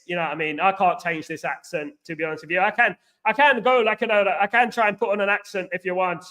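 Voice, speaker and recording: High, bright, and pushed, this voice belongs to a middle-aged London-accented man. He hosts a relaxed livestream chat where he rambles on, often saying "you know what I mean."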